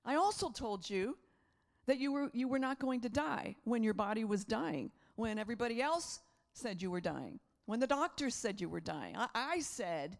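A middle-aged woman preaching a sermon, animated and laughing often as she acts out the voices in her stories. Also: a little high, normal speed, vocal fry.

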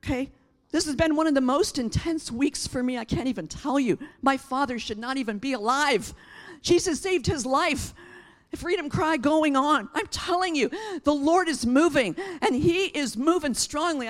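Impassioned high-voiced woman preaching. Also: normal speed. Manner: impassioned, emphatic, shouting at peaks then dropping quiet and tearful. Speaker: pastor. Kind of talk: sermon.

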